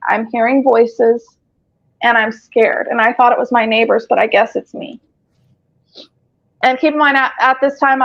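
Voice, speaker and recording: A woman's voice: fairly high pitch, creaky. A woman telling her story in casual chat on a group video call, rambling, cursing often and filling gaps with "um". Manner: rambling, profane, frequent filler words. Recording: lo-fi call audio.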